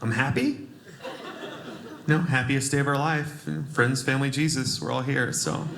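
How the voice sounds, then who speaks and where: A man performs stand-up comedy, telling his stories with animated, exaggerated delivery. He is from Cleveland and has a mid-range voice. The sound is roomy, and audience noise comes through clearly. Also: moderate pace. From Cleveland, Ohio. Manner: animated storytelling, breaks into shrill high-pitched character voices. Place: comedy club stage before a laughing audience.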